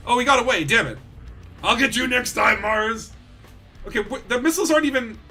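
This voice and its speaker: High bright-voiced man gaming. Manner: animated, yells when excited. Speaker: game streamer. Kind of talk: excited gameplay commentary.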